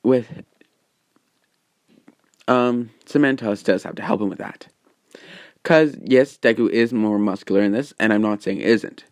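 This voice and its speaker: Male fan narrator, rambling casual retelling, lowish voice. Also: a little slow, long pauses, no echo, studio quality. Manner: rambling, filler-heavy.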